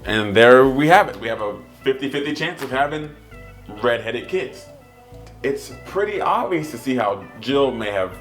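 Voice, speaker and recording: A man vlogging to camera, explaining things in a casual, playful and self-deprecating way. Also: lowish voice. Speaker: family vlogger.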